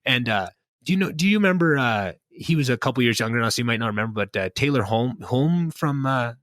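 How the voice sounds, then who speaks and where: Fast-talking earnest young man. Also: mid-range voice, lively intonation, fairly bright tone, no echo, clean studio sound. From Canada. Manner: earnest, reflective, heavy on fillers. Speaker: podcast host. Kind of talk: casual catch-up chat.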